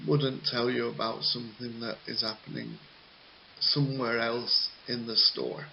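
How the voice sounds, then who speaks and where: Very slow-talking male English teacher. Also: medium pitch, creaky. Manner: patient, jokey, with frequent ums and pauses. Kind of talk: recorded classroom lesson. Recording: slightly muffled with faint hiss.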